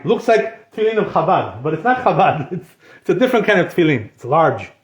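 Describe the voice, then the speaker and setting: A rabbi with a high-pitched voice gives a relaxed Torah talk to a small group. He speaks informally and fills his sentences with "you know" and Hebrew terms. The room is echoey. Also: brisk. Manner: conversational, constantly says "you know", mixes in Hebrew terms.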